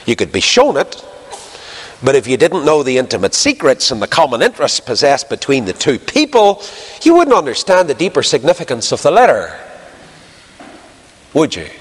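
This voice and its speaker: A Northern Irish man preaches a sermon, weaving homely anecdotes together with rhetorical questions put to his listeners. His voice sits at a middle pitch. A long hall reverb trails after each phrase. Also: huge pitch swings, moderate pace, breathy edge.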